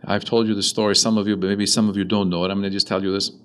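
A man who is an Orthodox priest, giving a sermon with lively storytelling and quoted dialogue. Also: on the low side, racing, poor audio.

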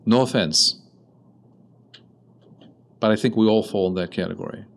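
A man who is an Orthodox priest, giving a sermon with lively storytelling and quoted dialogue. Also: fairly low pitch, moderate pace, creaky, low-quality recording.

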